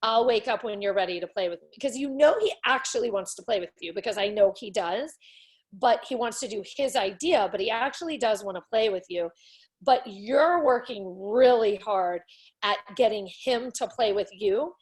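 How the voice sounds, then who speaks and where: A woman's voice: on the high side, moderate pace. A woman coaching a parent with confidence, explaining her advice and acting out short examples.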